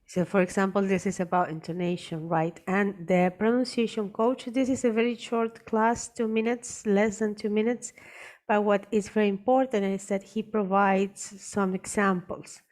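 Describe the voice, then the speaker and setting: A woman teacher giving a screen-share tutorial, explaining each step slowly and deliberately. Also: medium pitch, fairly even intonation, darkish tone.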